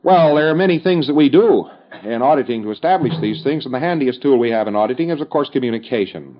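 A man's voice: medium pitch, expressive, fast talker, slight background noise. Man lecturing on dull old tape. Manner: conversational, emphatic, with folksy fillers. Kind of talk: recorded instructional lecture.

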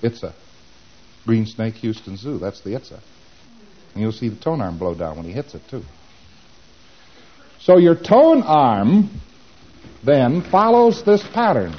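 A man giving a lecture, acting out exchanges with quick mumbled asides. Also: mid-range voice, sing-song, lo-fi sound. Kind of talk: recorded lecture.

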